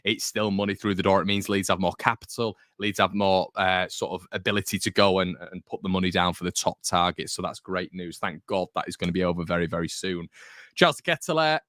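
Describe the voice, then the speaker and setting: A young man talks casually to camera about his football club, rambling and joking as he goes. His voice sits on the low side, and the recording is close and dry with no room sound. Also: a little fast, a bit bright, no room sound. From Northern England. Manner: chatty, jokey, rambling. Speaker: football fan channel host.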